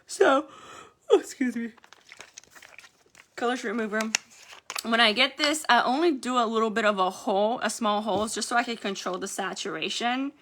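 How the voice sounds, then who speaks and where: Chatting through a casual how-to on doing nails at home, this woman rambles and leans heavily on "um" and "like." She speaks at a moderate pace with frequent pauses, her voice on the high side and fairly bright, with a little hiss or hum in the background.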